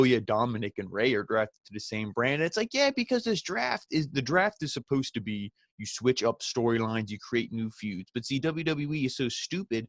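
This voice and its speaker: In casual recap commentary, a man who reviews wrestling rants sarcastically through an episode and keeps tossing in mocking impressions of the wrestlers. He speaks at a typical middle pitch. The sound is close and dry, with no room sound at all.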